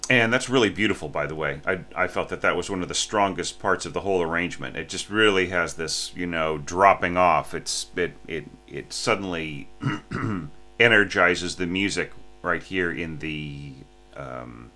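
Going through a student's score, a male orchestration teacher with a deep voice and sharp tone talks in a halting, restarting manner, frequently asking "right?" He mentions being a little sleepy and sometimes sings or breathes out phrasing examples during the spoken critique.

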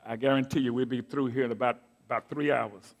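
A middle-aged man preaching a sermon as pastor, moving from quiet asides to loud declaimed scripture and calling out to his congregation. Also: medium pitch, fairly even intonation, a little fast. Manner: call-and-response preaching, swings from soft asides to loud declaiming. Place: church sanctuary.

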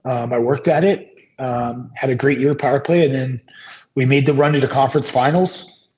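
A mid-range male voice at normal speed belongs to an ex-pro hockey player in his 30s, guesting in a casual interview and recounting a long anecdote. It's loose, relaxed rambling with plenty of ums, fillers, and restarts, on slightly dull lo-fi audio.

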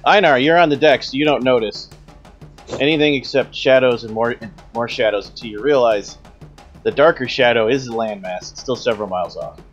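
A man's voice: mid-range voice, a little fast, dull audio, faint music behind. A man running a tabletop role-playing game as game master, narrating the scene in a casual, joking way.

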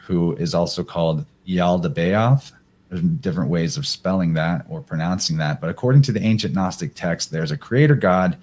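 A man's voice: sits low, darkish tone. A man giving a casual slide presentation on a podcast, thinking aloud with fillers and reading passages from his slides.

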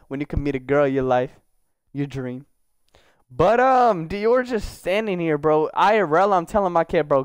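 A man's voice: on the high side, smooth, no echo. A young man giving casual, slangy gameplay commentary, joking and talking to the characters in his game. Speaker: gaming YouTuber.

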